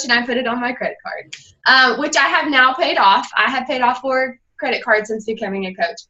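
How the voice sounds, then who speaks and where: A young woman shares her story on a team call, speaking with candor and a loose, rambling flow. Her voice sits a touch high and sounds bright. The call audio is muffled, like a low-quality connection. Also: brisk. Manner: candid, rambling storyteller who acts out the people she quotes. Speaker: guest speaker and fitness coach.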